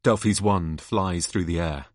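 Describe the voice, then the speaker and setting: A man's voice: deep voice, a little slow, dry recording, clean studio sound. A man reading stage directions aloud in a plain, matter-of-fact way. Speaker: narrator.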